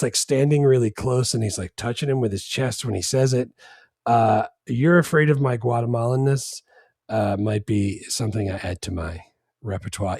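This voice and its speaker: A man with a slightly husky voice co-hosts a casual movie podcast. He rambles in a laid-back way, full of fillers and restarts. The sound is dry and close, with no room around it. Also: fairly low pitch, darkish tone, no room sound. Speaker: podcast co-host.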